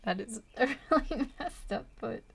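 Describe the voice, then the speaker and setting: A woman's voice: a little high, animated, normal speed, vocal fry, fairly bright tone, breathy edge. A woman chatting casually while she draws, thinking aloud and hesitant, with frequent little laughs. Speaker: artist streaming a drawing session. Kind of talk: casual chat while drawing.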